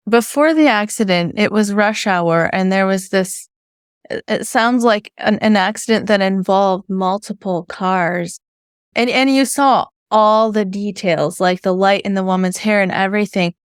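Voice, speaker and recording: A woman's voice: mid-range voice, measured pace, clear, resonant tone, no room sound, studio quality. A woman podcast host asking a curious follow-up question. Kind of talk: interview questions.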